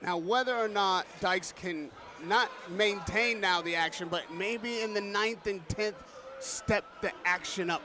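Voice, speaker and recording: Male ringside pundit, analytical and articulate, high-ish voice, loud crowd behind. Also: unhurried. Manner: articulate, analytical, laughs easily. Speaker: boxing pundit. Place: boxing arena. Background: arena crowd.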